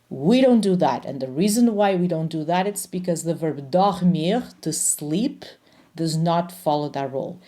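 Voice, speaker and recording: A woman teaching French grammar in English, explaining patiently and slowing down to pronounce each French example. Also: low-pitched, dark tone. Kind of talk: grammar lesson.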